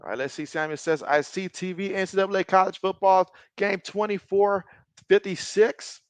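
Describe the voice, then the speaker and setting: A man in his thirties hosting a casual live stream, calling football plays and reading viewer chat aloud, reacting loudly to big plays. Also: sits high, steady tone, normal speed, smooth, no room sound. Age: 30s. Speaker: live-stream sports host.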